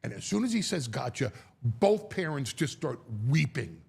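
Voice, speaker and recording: Gravelly, animated man telling a story. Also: a little high. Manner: animated storyteller, acts out quotes, halting restarts. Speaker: guest. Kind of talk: storytelling chat.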